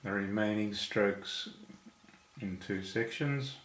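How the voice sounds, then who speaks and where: A man's voice: lowish voice, slow pace, fairly bright tone. A man teaching how to write Chinese characters, counting each stroke aloud in a patient, step-by-step way. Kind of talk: slow stroke-by-stroke instruction. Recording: echoey room.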